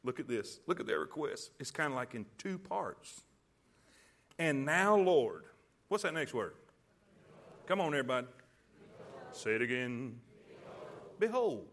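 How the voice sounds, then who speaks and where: A man preaching a sermon, calling on the congregation to repeat lines back and building to loud emphasis. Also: mid-range voice, very animated, normal speed, pauses often. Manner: call-and-response preaching, rising to loud emphasis. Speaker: pastor.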